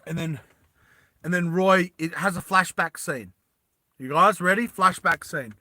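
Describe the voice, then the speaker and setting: A man's voice: high voice, unhurried, no room sound. A man casually telling a movie story to his live chat, rambling with frequent restarts. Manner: rambling, animated, many restarts. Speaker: streamer pitching a film story.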